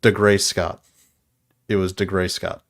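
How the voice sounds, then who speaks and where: A man's voice: sits low, flat delivery, a little slow. A man co-hosting a podcast in casual chat, explaining film trivia and laughing often. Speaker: podcast co-host.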